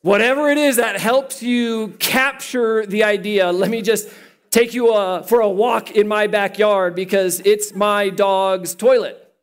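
A man preaching a sermon as pastor, animated and playful, joking with the listeners as he teaches. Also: high-pitched, a little slow, smooth. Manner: animated, playful, jokes with the congregation.

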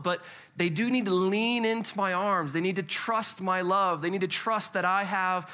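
A man preaching a sermon as pastor to a church congregation, conversational and animated, often restarting with repeated words. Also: high voice, normal speed.

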